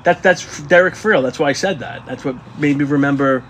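A man co-hosting a podcast in casual chat, swearing freely and telling stories in an animated way. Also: fairly high pitch, brisk, a little hiss or hum. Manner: profane, animated storytelling. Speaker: podcast co-host.

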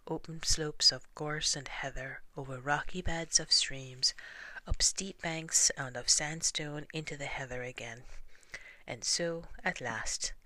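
Soft-spoken man reading a storybook. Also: a little high, no echo. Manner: slow and soft, often hushed to a whisper. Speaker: narrator.

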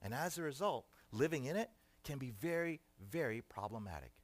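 Animated male pastor preaching a sermon. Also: medium pitch, brisk, no echo. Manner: animated preaching with dramatic swings in loudness.

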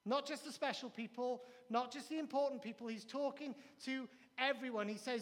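High-voiced preaching pastor in a hall. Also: male voice, fairly even intonation, normal speed, few pauses. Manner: emphatic preaching with repetitions and quoted dialogue. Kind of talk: sermon. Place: church.

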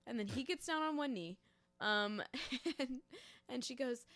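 Brief: woman podcast co-host, high bright voice, swooping pitch, gushing and animated. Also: moderate pace. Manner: animated, gushing, reads out her notes. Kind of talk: casual comedic chat.

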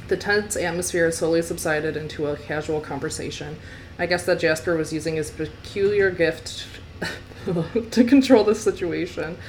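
Low-voiced woman reading aloud. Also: moderate pace, a little hiss or hum, rough recording. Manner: reads steadily, breaks off to joke and laugh. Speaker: podcast co-host reading a novel aloud. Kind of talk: casual read-aloud podcast.

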